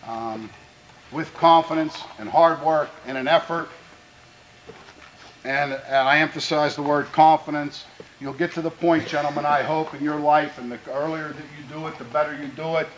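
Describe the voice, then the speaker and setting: A man's voice: on the high side, steady tone, a little hiss or hum, poor audio. Earnest man coaching his football team. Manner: earnest, plainspoken exhortation, pausing to restart phrases; grows louder and more fervent when speaking of country. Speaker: high school football head coach. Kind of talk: pregame locker-room speech to players.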